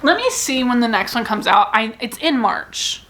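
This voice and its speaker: A woman's voice: fairly high pitch, expressive, moderate pace, hardly any pauses, fairly bright tone. A woman book vlogger in a casual, rambling, self-deprecating chat, talking about her reading.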